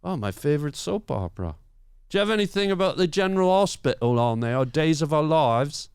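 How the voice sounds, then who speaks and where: A man's smooth, slightly high voice barks insults at a caller in a goofy mock-British manner. The sound is dry and close, with no room around it. His banter is brash and improvised. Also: sing-song, fairly quick, no echo. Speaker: co-host.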